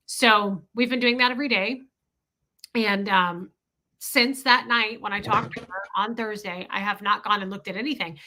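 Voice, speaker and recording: A woman co-hosting a livestream, chatting warmly with her partner and thanking viewers by name. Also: mid-range voice, steady tone, moderate pace, poor audio. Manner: effusive, talks straight to viewers. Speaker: co-host. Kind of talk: livestream chat reading comments.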